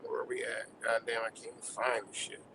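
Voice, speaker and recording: A man's voice: mid-range voice, little pitch movement, a little fast, vocal fry, noisy background. A man hosting a livestream, delivering a heated, profanity-filled rant in streetwise slang. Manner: heated, swearing, streetwise slang, laughs between points. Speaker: livestream host.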